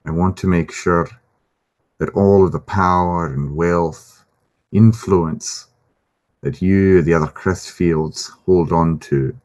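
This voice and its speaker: A man voicing a blunt, earnest dwarf adventurer who speaks in deliberate, formal speeches. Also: low voice, steady tone, a little mellow.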